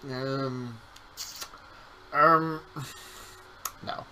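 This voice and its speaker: A man's voice: mid-range voice, steady tone, very slow, sharp tone, a little hiss or hum, poor audio. A man streaming a game with his partner, chatting casually and joking around, sometimes breaking into silly voices. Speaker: co-host playing a game on stream. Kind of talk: casual gameplay chat.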